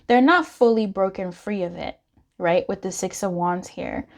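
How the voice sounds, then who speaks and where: A woman doing a casual pick-a-card tarot reading, chatty and expressive as she talks straight to the viewer. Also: mid-range voice, normal speed, creaky. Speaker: tarot reader.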